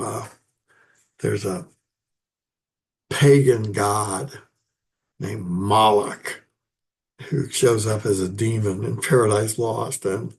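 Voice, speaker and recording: A man giving a casual, halting lecture on poetry, with many fillers and restarts. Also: fairly low pitch, gravelly, darkish tone. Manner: halting, many fillers and restarts, chuckles at his own asides. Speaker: literature teacher.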